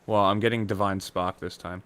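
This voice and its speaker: A man's voice: low voice, level tone, a little fast, fairly bright tone, clean tone. A man streaming a strategy game, thinking aloud in casual chat.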